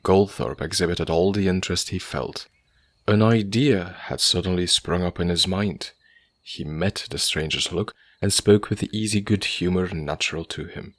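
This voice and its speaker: Deep-voiced male audiobook narrator. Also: normal speed, no echo.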